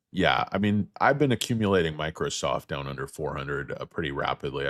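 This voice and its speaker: Very deep-voiced man, hoarse and rambling. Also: fairly bright tone, dry recording, studio quality. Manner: rambling, crude, joking asides. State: losing his voice, feeling sick. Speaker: stock market livestream host. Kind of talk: casual livestream chat with viewers.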